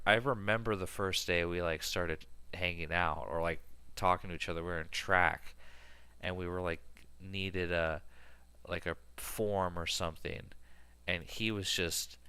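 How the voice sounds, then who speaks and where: A man's voice: low voice, sharp tone, clean tone, dry recording. A man in his thirties streaming a game, chatting casually in a rambling way full of fillers. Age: 30s. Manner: rambling, filler-heavy storytelling. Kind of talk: casual gaming stream chat.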